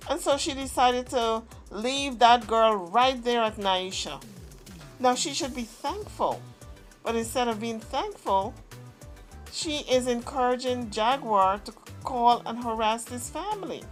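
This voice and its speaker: A woman's voice: a little high, measured pace, soft background music. A woman hosting a channel, giving opinionated commentary on a family dispute. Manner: opinionated, emphatic. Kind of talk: gossip commentary.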